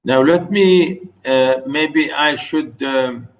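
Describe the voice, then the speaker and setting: A man's voice: fairly high pitch, takes it slowly, rough recording. A male teacher giving an online literature lesson, patiently repeating words and chanting stress patterns.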